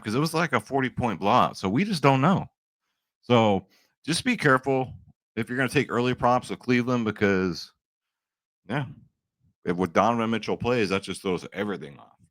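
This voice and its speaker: A man in his forties talks straight to camera in a rambling, jokey way, getting excited as he goes. His voice sits fairly low. The sound is dry and close, with no room around it. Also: dry recording. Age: 40s. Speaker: sports betting vlogger. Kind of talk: casual chat to camera.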